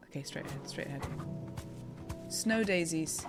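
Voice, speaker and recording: A woman's voice: on the high side, big pitch swings, normal speed. An English woman from England chatting playfully with her live-stream chat while she plays, teasing viewers and laughing often. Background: game music.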